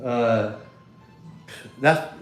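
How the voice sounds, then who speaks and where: A man's voice: medium pitch, very slow, reverberant, soft background music. A man hosting a casual livestream from his phone, talking bluntly and rambling, with profanity and frequent restarts. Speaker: livestream host.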